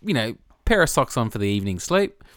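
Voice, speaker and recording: Aussie guy cohosting a podcast, jokey, lively up and down voice, dry sound. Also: medium pitch, fast, dry recording. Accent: Australian. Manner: laid-back, joking, chuckles often. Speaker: podcast co-host. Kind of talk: casual chat.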